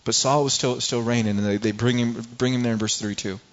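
A middle-aged man delivers a sermon in a conversational way, stumbling over and repeating words as he goes. His voice sits at a mid pitch for a man. The recording is a bit dull and lo-fi. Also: steady tone, quick pace. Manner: conversational preaching, acts out everyday people, frequent repeats. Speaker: pastor.

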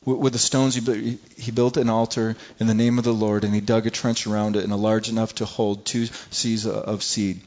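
A man's voice: on the low side, level tone, normal speed, hardly any pauses, a little mellow, muffled recording. A man preaching a sermon, reading scripture aloud and asking the listeners rhetorical questions, often repeating and restarting words.

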